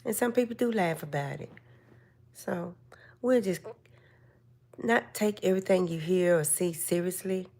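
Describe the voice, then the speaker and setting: Older lady on a live stream, real slow, kinda low voice, gentle motherly advice. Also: gravelly. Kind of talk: casual live stream chat.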